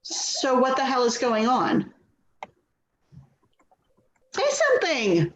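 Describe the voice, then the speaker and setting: A woman's voice: sits high, very animated, takes it slowly, reverberant, heavily acted, rough recording. A woman in a readers theater reading, playing a frustrated daughter who pleads and coaxes with her mother's caregiver. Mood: pleading. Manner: pleading, exasperated, coaxing. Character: Louise, a frustrated, pleading middle-aged daughter. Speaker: actor in a staged reading.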